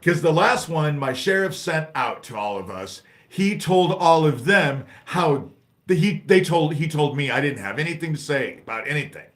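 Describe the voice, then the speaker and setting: A man's voice: fairly high pitch, expressive, moderate pace. Angry swearing man ranting on a livestream. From United States. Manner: angry, profane, jumps between topics and reads chat aloud. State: agitated. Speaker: livestream host.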